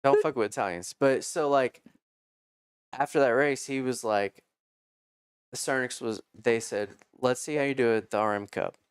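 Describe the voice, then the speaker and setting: A man in his thirties telling casual stories about motocross racing, animated and swearing freely as he acts out what others said. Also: medium pitch, normal speed, clean tone, no room sound, clean studio sound. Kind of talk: casual storytelling.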